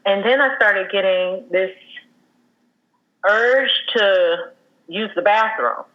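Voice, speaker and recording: A woman in her thirties speaks as a guest, telling a deeply personal story in a candid, conversational way. She pauses often, restarts her phrases and leans on fillers. The recording sounds a little muffled and lo-fi. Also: expressive. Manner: earnest and halting, with many fillers and restarts.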